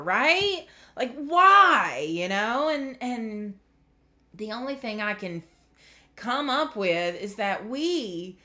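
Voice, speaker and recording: A woman's voice: medium pitch, fairly bright tone. A woman giving a casual spiritual tarot reading, chatty and earnest, getting emotional as she talks. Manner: chatty, earnest, trailing off into filler words. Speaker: tarot reader.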